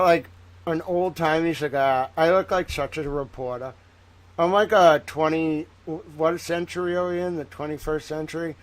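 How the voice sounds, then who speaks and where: A man doing casual livestream commentary on legal filings, talking with a put-on Southern drawl. He rambles with joking asides and fills his talk with "like". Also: fairly high pitch. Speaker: live-stream legal commentator.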